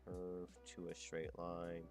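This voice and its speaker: A man's voice: low-pitched, completely flat delivery, slow pace, over music. A man chatting casually to his stream as he draws, rambling, muttering and swearing. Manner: rambling, muttering to himself, crude slang. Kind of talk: casual chat while drawing.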